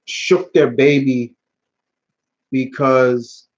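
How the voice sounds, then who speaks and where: A man's voice: medium pitch, fairly even intonation, drawn-out words. A young man hosting a live Q&A stream in casual talk, blunt and heated, swearing often and restarting his sentences. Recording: dull lo-fi stream audio.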